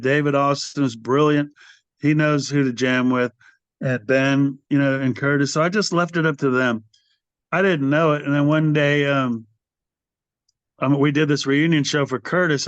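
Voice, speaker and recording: A man's voice: mid-range voice, no echo. An older man, a metal band's singer, telling rambling stories in a casual interview and acting out what others said. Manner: animated storyteller, acts out quoted voices. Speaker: guest, metal band singer. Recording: muffled dry podcast audio.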